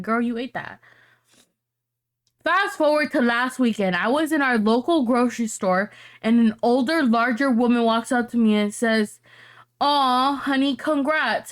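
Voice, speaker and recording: A woman co-hosting a podcast, reading out online posts and reacting with brash, profane commentary. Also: fairly high pitch. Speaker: podcast co-host.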